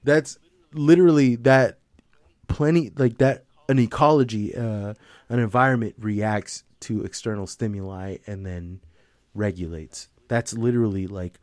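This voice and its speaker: A man's voice: fairly low pitch, fairly even intonation, measured pace, darkish tone, no echo. A young man in casual conversation, rambling and swearing, with lots of fillers and frequent laughter. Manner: profane, rambling, laughs often, filler-heavy.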